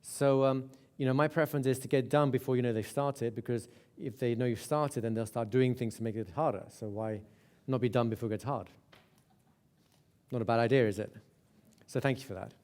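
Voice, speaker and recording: Brief: male seminar instructor at a middling pitch, chatty, keeps checking in with the room and repeating words. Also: steady tone, a little fast, a little mellow. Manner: conversational, with repeated checks like "right?". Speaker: hypnosis instructor. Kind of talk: live seminar teaching.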